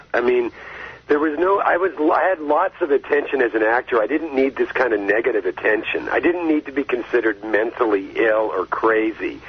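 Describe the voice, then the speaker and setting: A man's voice: medium pitch, slightly rough. A man calling in as a guest, talking in a wound-up, rambling way with many restarts, heard over a phone line. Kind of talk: casual phone-in talk.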